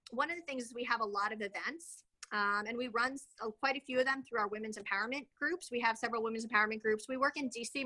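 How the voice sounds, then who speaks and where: A woman's voice: fairly high pitch, bright, forceful tone, rough recording. A woman in her thirties, a real estate agent guest, talking casually in an interview, chatty and rambling with many fillers.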